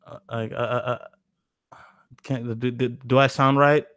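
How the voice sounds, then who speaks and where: On his live stream, a twenty-something guy chats in a meandering, profane, self-mocking way, claiming his budget microphone sounds awful. The voice is mid-range, level and unhurried, a little bright, and the recording is dry and studio-clean.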